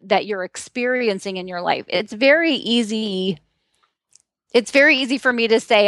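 A middle-aged woman author talking as a podcast guest, animated and laughing often as she acts out quotes. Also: fairly high pitch, normal speed, dry recording, studio quality. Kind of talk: casual podcast interview. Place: lives in Texas.

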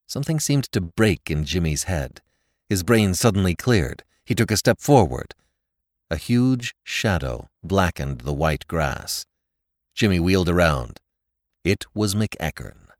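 A man narrating a classic story with an expressive, dramatic reading. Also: deep voice, a little slow, no room sound, studio quality.

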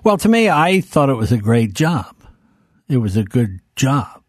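Animated older male storyteller. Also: mid-range voice, no echo, clean studio sound. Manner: brisk, animated, does voices in his stories. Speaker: guest comedian. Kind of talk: anecdotal storytelling.

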